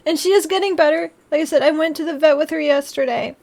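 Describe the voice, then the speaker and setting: A woman's voice: high-pitched, quick pace, gravelly, a little mellow. A woman streamer chatting casually on a live stream, bubbly, often gasping and laughing as she thanks her viewers.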